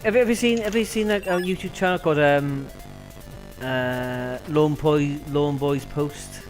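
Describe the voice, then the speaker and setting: A man's voice: fairly high pitch, measured pace, rough recording. A man chatting casually on a live gaming stream. He rambles, stutters on words and laughs often. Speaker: co-host. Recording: faint music in the background.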